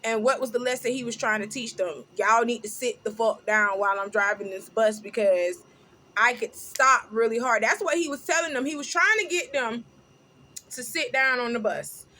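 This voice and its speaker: A middle-aged woman hosts a casual gossip-and-news vlog in a bright, ringing voice pitched a little high. She talks loud and animated, breaking into laughter as she tells stories. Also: normal speed. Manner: loud, laughing, animated storytelling with sung snippets. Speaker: host.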